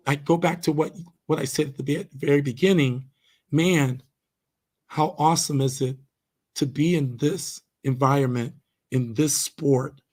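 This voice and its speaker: A man, a karate instructor, talking as a guest on a podcast, telling stories earnestly with many fillers and restarts. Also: on the high side. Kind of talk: casual storytelling interview.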